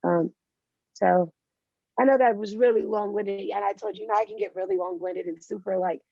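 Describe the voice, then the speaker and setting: A woman with a gravelly, creaky edge speaks candidly in an interview and slips into lively impressions of the people she quotes. The sound is dry and close, with a slightly muffled, dull tone like remote call audio. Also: mid-range voice, moderate pace, no room sound. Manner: candid storytelling, animated quoting of others. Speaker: guest. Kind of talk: interview conversation.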